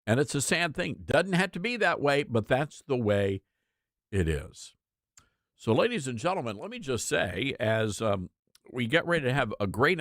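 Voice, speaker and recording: A man's voice: medium pitch, a bit bright, no echo. A man hosting a talk radio show, giving opinionated political commentary with emphatic repetition into a studio mic. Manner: emphatic, repeats lines for effect.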